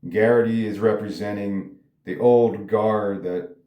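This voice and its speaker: A man's voice: lowish voice, fairly even intonation, unhurried, highs cut off. A man reading his own script aloud in a table read, commenting in a rambling, casual way and swearing now and then. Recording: roomy echo.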